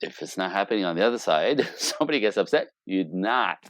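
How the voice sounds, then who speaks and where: A man working as a relationship coach, talking in a casual interview as an animated, joking storyteller. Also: low-pitched, fast talker, dry recording. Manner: animated, joking storyteller who acts out quoted dialogue.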